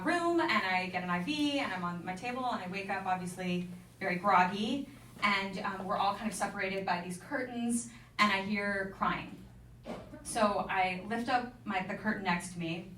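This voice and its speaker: A young woman telling a personal story at an event, candid and self-deprecating with quick asides. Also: medium pitch, fairly bright tone, slight background noise. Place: event venue with an audience. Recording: echoey room, mic from a distance.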